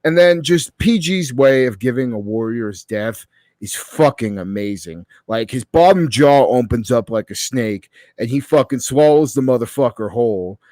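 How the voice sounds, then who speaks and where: A man's voice: mid-range voice, expressive, normal speed, darkish tone, no echo. A man co-hosting a podcast, giving a profane, enthusiastic movie review in casual chat. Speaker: podcast co-host.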